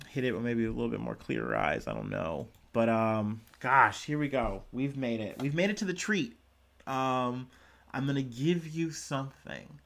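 Young male podcast host, casual solo news chat, lots of "like" and "um", self-mocking. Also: medium pitch. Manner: rambling, filler-heavy, self-deprecating.

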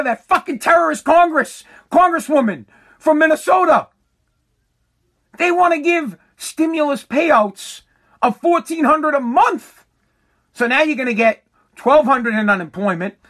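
High-voiced man in a profane rant. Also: animated, moderate pace, fairly bright tone. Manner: profane, heated, repeats points. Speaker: working contractor. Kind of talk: angry political rant.

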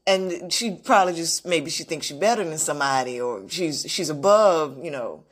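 A woman's voice: sits low, expressive, moderate pace, slightly rough. A woman giving an unscripted, reflective talk on self-love, telling a personal story earnestly with frequent restarts. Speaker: motivational vlogger.

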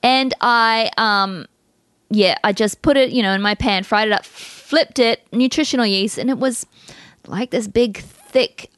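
A woman's voice: a little high, measured pace, a bit bright, clean tone, no room sound, studio quality. A woman from Australia co-hosting a podcast, chatting enthusiastically about food and health. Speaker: podcast co-host. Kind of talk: casual chat.

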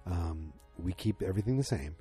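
A man casually recapping a TV episode. He rambles excitedly and acts out the lines he quotes. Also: low voice, a little fast, husky, soft background music.

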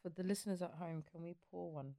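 A woman's voice: lowish voice, quick pace, dark tone, no echo, clean studio sound. A young woman, teasing and playful as a podcast co-host in casual chat.

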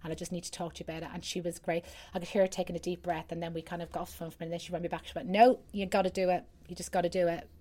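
Fast-talking chatty Irish woman. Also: on the low side, completely flat delivery, darkish tone. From Ireland. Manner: chatty, rambling storyteller with many restarts. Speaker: guest singer. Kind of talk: casual chat.

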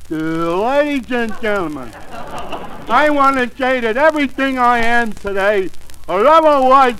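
A man's voice: very high voice, expressive, measured pace, bright, forceful tone, pitched above the performer's own voice, full character voice. A man voicing a sentimental, dim-witted speechmaker in a 1940s radio comedy. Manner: sappy, dim-witted declamation. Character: sentimental man reciting a tribute, Clifton Finnegan. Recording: noisy old radio broadcast.

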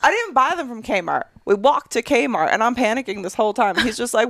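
A woman's voice: fairly high pitch, a little fast, vocal fry, no room sound, clean studio sound. A woman in her thirties co-hosting a podcast, telling stories in casual chat, laughing often and swearing freely. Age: 30s. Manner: animated storyteller, laughs and swears a lot. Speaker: podcast co-host.

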